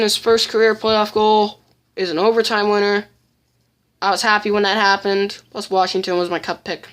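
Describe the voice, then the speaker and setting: A woman's voice: medium pitch, a bit bright. A woman giving casual countdown commentary as a fan vlogger, blunt and opinionated, often restarting her sentences.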